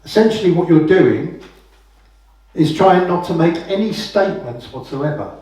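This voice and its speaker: Here a man with a fairly high, slightly mellow voice talks at a moderate pace about common law, keeping it casual and full of anecdotes while asking "right?" after his points. His voice comes from far off the mic in a heavily echoing room.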